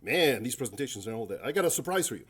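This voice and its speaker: A man's voice: medium pitch, big pitch swings, racing. A man giving a tech talk at a conference, rambling and self-mocking with jokey asides. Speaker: conference presenter. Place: conference room.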